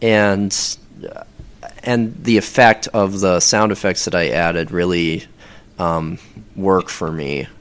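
A man talking casually in an interview about his audio recordings, rambling with many pauses and restarts. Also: deep voice, fairly even intonation, clean tone.

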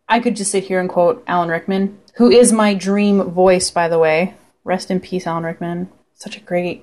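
A young woman vlogging to camera in a loose, chatty way. She is excitable and swears freely, in a voice of middling pitch. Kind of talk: casual chat to camera.

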